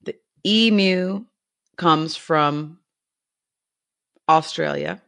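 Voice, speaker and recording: A woman co-hosting an animal podcast in easy conversation. Her voice sits a little low but sounds bright and forward, and she is eager and chatty, laughing as she goes. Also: drawn-out words, gravelly. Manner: enthusiastic, chatty, laughs often. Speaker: podcast co-host. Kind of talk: casual chat.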